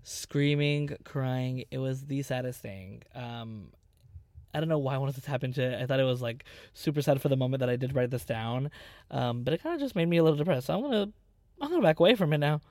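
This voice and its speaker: A man in his twenties hosting a podcast, chatting casually in an animated, dramatic way with plenty of swearing. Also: medium pitch, a little fast, dry recording. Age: 20s. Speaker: podcast host. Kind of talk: casual chat.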